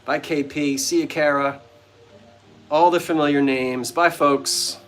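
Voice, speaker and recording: A man's voice: a little high, fairly even intonation, a little slow, fairly bright tone, soft background music. Chatty man hosting a live sale. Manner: chatty, playful, talks to viewers by name. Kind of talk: casual livestream chat. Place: front porch of an old bungalow.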